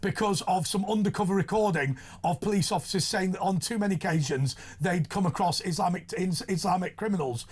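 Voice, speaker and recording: A man's voice: sits high, a little fast, few pauses, breathy edge. A man hosting a talk radio show, blunt and provocative, often laughing at his own jokes. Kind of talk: opinionated talk show banter.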